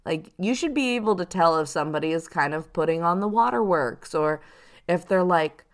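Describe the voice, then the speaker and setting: A woman with a fairly low voice talks casually to her viewers as a psychic host. She is chatty and animated, acting out the hustlers she warns about. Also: moderate pace. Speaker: psychic reader and show host. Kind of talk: casual advice talk to viewers.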